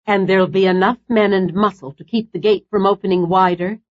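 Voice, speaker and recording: A man narrating an audiobook, voicing a brisk, determined older grandmother spy in a higher, lively voice. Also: lo-fi sound, lightly acted.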